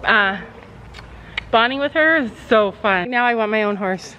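A woman with a slightly high voice, chatty and encouraging as she rambles through a family vlog at an outdoor horse barn. Her talk comes through a handheld camera, with faint outdoor noise underneath. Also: measured pace, sharp tone, rough recording. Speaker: vlogger mom.

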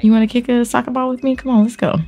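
A woman voicing a chatty young college freshman, talking in a casual, slangy way, a bit higher than her usual voice. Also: flat delivery, racing, mellow, soft background music, close to an everyday voice.

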